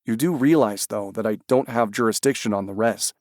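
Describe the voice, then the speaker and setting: A male narrator voicing a helpful official with years in government, who speaks briskly and reassuringly. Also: on the low side, a little mellow, dry recording, studio quality, close to an everyday voice.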